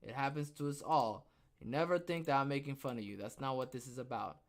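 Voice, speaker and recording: A young man hosting a casual livestream podcast, rambling and joking, who bursts into loud, excited outbursts. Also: mid-range voice, a little fast. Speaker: podcast host.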